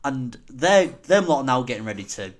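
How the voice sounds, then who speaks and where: A young man co-hosting a casual podcast chat, telling a story with lively acted-out quotes. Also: mid-range voice, moderate pace. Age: young adult. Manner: animated storytelling, acting out quotes. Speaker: podcast co-host.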